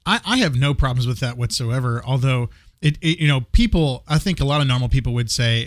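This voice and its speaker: A man's voice: mid-range voice, lively intonation, a little fast, hardly any pauses, no echo, clean studio sound. A man in casual conversation, speaking with passion and emphasis, often repeating words as he builds a point. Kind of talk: casual faith discussion.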